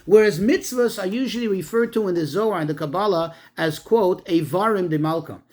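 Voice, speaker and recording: High-voiced rabbi explaining a Torah lesson. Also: male voice, darkish tone. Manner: explains slowly, restates Hebrew terms in English, frequent restarts. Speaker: rabbi teaching a class. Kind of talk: Torah class lecture.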